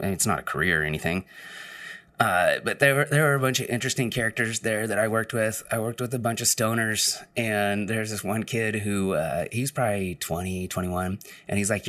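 A man's voice: on the low side, pushed and bright. A man telling a personal story in casual storytelling style, rambling, with frequent fillers and restarts.

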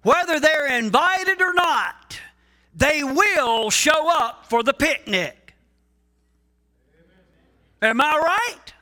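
A pastor delivering a sermon in a strikingly high, bright and cutting voice. He preaches slowly and deliberately, swinging his pitch up and down with lively animation. He drives points home with rhetorical questions and dramatic pauses.

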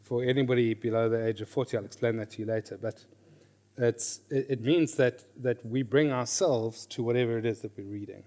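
A middle-aged man teaching a class on reading scripture. He is lively, questions his listeners, and repeats his key phrases. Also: mid-range voice, fairly quick. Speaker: Bible teacher.

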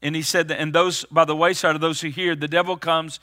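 A man's voice: fairly high pitch, little pitch movement, fairly quick, pushed and bright. A man preaching a sermon, reading scripture aloud and explaining it, rising to urgent, emphatic calls. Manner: builds to urgent, raised emphasis; reads scripture aloud between plain explanation.

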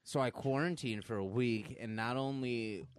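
Casting: man, casual podcaster, mid-pitch, dry close sound, loose swearing storyteller. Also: normal speed, clean tone, dry recording. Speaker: podcast co-host. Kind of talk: casual chat.

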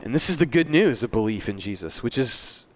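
Guy preaching in church, earnest and chatty, cracks little jokes at himself, ordinary pitch. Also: expressive, brisk. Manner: earnest, conversational preaching with self-deprecating asides. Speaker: pastor. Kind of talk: sermon.

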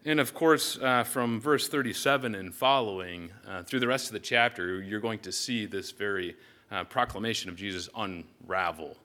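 A man's voice: fairly low pitch, moderate pace, sharp tone. A man preaching a sermon as pastor, earnest and reflective, often restarting his sentences.

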